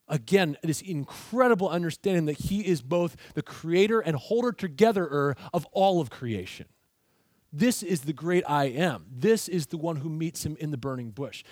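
Man preaching, dry, slightly high voice. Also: no room sound. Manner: earnest preaching, drops low and soft when quoting God. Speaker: pastor. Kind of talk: sermon.

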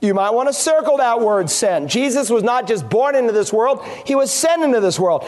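Pastor guy with a really high voice, preaching, emphatic, lots of rhetorical questions. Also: animated, normal speed, darkish tone. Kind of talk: expository sermon.

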